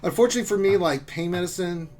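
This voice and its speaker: A fairly high-voiced man hosts a casual live stream and reads out chat greetings. He jokes loosely, jumps from loud shout-outs to low mutters, and talks through back pain while drinking. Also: racing, a little hiss or hum. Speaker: livestream host.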